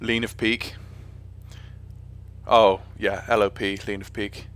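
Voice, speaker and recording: A man's voice: on the low side, little pitch movement, takes it slowly, a bit bright. A man with an English accent chatting casually on a live stream while flying a simulator, rambling and often correcting himself. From England. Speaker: flight sim streamer.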